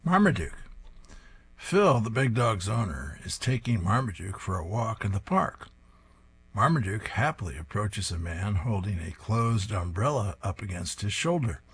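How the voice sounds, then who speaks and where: A man's voice: fairly low pitch, very animated, normal speed, fairly bright tone, slightly rough, dry recording. A man hosting a program where he reads comic strips aloud, chuckling at the jokes. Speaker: host reading comic strips. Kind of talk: reading service narration.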